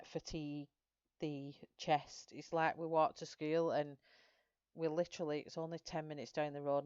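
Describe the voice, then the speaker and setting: A woman's voice: sits low, a little mellow, no room sound, muffled recording. A middle-aged woman chatting casually with viewers while she colours live, rambling from one story to the next. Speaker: colouring channel host.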